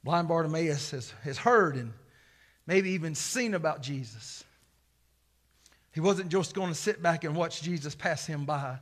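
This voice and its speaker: A male pastor preaching a sermon, swinging from shouts to hushed asides. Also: a little high, expressive, a little slow.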